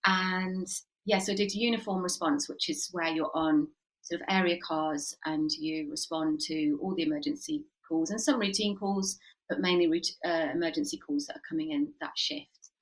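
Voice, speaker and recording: A woman in her forties, a psychotherapist and former police officer, tells animated stories in a conversational podcast interview, with frequent ums and plenty of laughing. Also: low voice, normal speed, low-quality recording.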